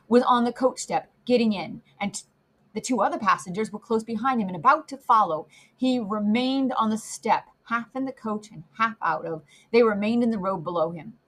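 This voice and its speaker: A woman's voice: mid-range voice, a bit bright, husky. A woman narrating a classic novel with dramatic storytelling. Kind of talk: classic novel read aloud.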